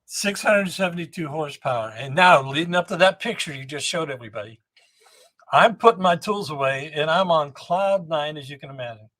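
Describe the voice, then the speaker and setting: A man in his seventies, a guest on a podcast, telling rambling, animated anecdotes about engine building and often restarting his sentences. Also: fairly high pitch, brisk. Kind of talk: storytelling podcast interview.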